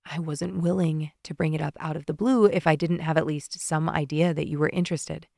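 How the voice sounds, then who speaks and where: A woman voicing a soft-spoken earnest young man. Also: fairly even intonation, a little fast, vocal fry, dry recording, studio quality. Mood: tender. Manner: soft, low-key and hushed.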